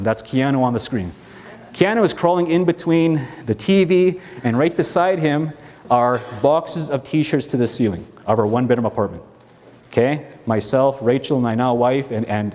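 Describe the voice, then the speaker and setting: A man's voice: mid-range voice, darkish tone. A man giving a motivational keynote on stage, telling his story with energy, acting out both sides of conversations and asking the audience direct questions. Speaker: keynote speaker. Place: large conference hall stage. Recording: long hall reverb.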